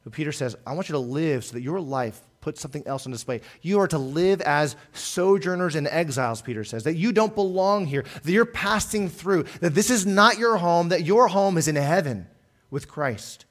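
Earnest preaching man, higher-pitched voice. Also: expressive, normal speed. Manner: earnest preaching, swells louder on key points then drops soft. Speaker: pastor. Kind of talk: sermon.

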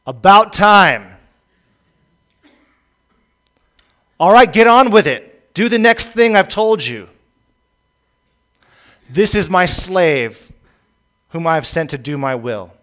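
A preacher voicing an impatient, stern divine voice that curtly orders a servant about during a sermon. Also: male voice, high-pitched, animated, slow pace, pauses often, a bit bright, pitched above the performer's own voice, exaggerated voice. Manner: curt, commanding.

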